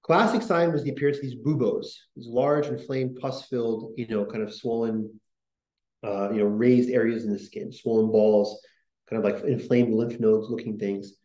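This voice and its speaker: A man's voice: mid-range voice, steady tone, moderate pace, warm tone, roomy sound, rough recording. A man hosting a podcast, talking in a casual, rambling way with many fillers and restarts. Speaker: podcast host.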